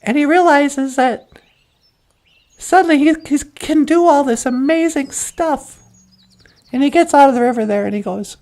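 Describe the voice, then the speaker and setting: A woman's voice: sits high, moderate pace, long pauses. A woman narrating a folk tale and then chatting playfully as co-host. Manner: lively, playful. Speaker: storyteller and co-host.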